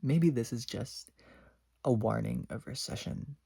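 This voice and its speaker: A man's voice: mid-range voice, measured pace, creaky, warm tone, breathy edge, no echo. A teenage boy telling a story in a casual, exasperated vlog rant, sometimes dropping to a whisper. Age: teens. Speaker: vlogger.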